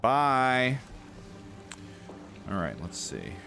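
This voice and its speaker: A man's voice: low voice, lively intonation, unhurried, fairly bright tone, faint music behind. A man giving wry, sardonic commentary while streaming a game. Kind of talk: let's-play commentary.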